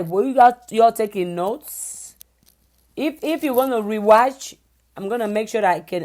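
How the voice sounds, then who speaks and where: Lady hosting a stream, talks real slow, keeps repeating her points. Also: fairly low pitch, a little mellow. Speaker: live stream host. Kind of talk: casual live stream chat.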